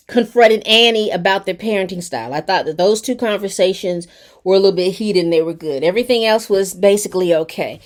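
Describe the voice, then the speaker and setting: Female TV reviewer, a bit high-pitched, colloquial and chatty, casual episode recap. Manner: chatty and colloquial, addressing viewers directly. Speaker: TV show reviewer.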